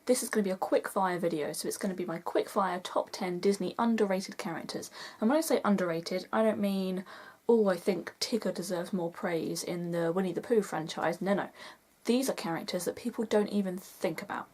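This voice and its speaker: A woman's voice: mid-range voice, brisk, a little mellow. A young woman vlogging in a chatty, enthusiastic way, gushing as she counts down a list. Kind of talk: casual vlog countdown.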